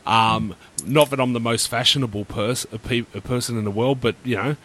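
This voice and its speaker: A man with an everyday mid-pitched voice shares his views on gadgets in a relaxed, unscripted podcast chat. He sounds laid-back and opinionated, using casual local slang. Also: a little fast, a little hiss or hum. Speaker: podcast co-host.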